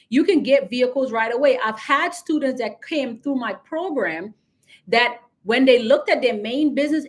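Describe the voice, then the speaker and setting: A woman with a Caribbean accent, coaching viewers in a casual livestream and talking straight to them. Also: a little high. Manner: chatty, addresses viewers directly, reads out comments. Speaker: business credit coach.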